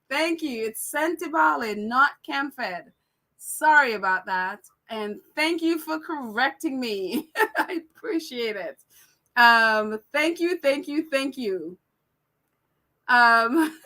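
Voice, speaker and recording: A woman's voice: fairly high pitch, pushed and bright. A woman hosting a live stream, reading viewer comments aloud in a chatty way, laughing often and correcting herself with apologies. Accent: non-American accent. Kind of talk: casual live chat.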